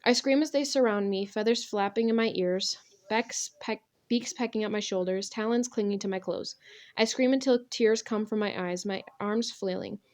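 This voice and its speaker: A woman's voice: medium pitch, moderate pace. Young woman doing audiobook narration, first person, really dramatic and intense. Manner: expressive, intense dramatic reading.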